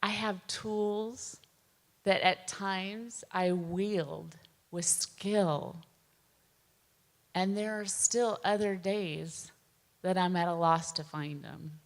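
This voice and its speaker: A middle-aged woman giving a personal testimony, speaking slowly, gently and earnestly with soft pauses. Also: medium pitch, steady tone. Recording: long hall reverb.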